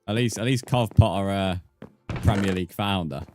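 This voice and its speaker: A British man with a low voice chats easily with his viewers while he plays a game live. He banters and thanks new followers between tasks. Soft music plays faintly behind him. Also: normal speed. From Britain. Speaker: streamer. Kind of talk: casual live-stream chat while gaming.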